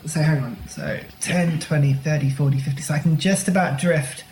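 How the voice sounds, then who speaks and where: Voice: mid-range voice, moderate pace, a little mellow, echoey room, slight background noise, poor audio. A player in a tabletop game, making dry, wry remarks.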